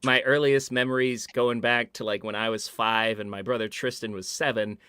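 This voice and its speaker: A male voice actor chatting casually on a livestream, playful and quick to laugh. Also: medium pitch, steady tone, sharp tone, clean tone, no room sound, studio quality. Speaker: voice actor guest.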